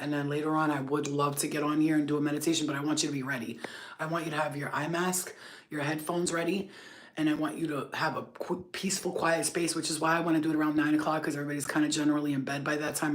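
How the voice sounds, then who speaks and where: A woman of Albanian background hosting a spiritual healing channel, talking to camera in a blunt, profane, rambling way with many fillers. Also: low-pitched. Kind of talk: casual unscripted rant to camera.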